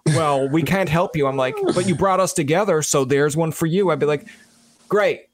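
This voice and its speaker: A man's voice: on the high side, a little fast, no echo. A man in casual podcast chat, telling self-deprecating stories and acting out his own lines. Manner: joking storyteller who acts out his own lines.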